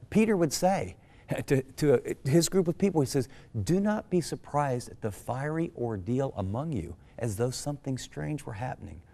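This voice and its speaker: A middle-aged American man speaks as a pastor, teaching scripture in a conversational way. His delivery is earnest and animated. He drives his points home with direct questions to the listener. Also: medium pitch. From United States.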